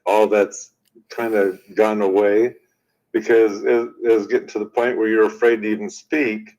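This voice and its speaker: American man, deep voice, low, relaxed live chat, dry jokes. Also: poor audio. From United States. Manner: relaxed, dry joking, drawn-out opinions. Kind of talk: casual live-stream chat.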